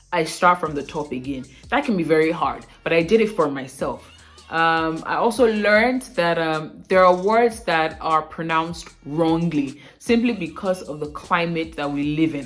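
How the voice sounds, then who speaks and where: A young woman from Nigeria with a Nigerian accent, coaching viewers on pronunciation in a casual, emphatic, animated way. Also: fairly low pitch. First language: Bini. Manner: animated, emphatic, repeats words for correction. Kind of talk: casual talking-head lesson.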